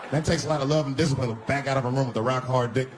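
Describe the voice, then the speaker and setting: A man doing stand-up comedy, telling a story and acting out other people's voices with lively jumps in pitch. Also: racing, noisy background. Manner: animated, acts out voices of son and wife with big pitch jumps. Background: audience laughter.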